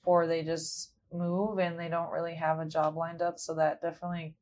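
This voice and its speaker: Lady podcast host, a bit low-pitched, friendly, lots of laughing, asking questions. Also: flat delivery, moderate pace, a little mellow, slight background noise. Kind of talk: casual interview chat.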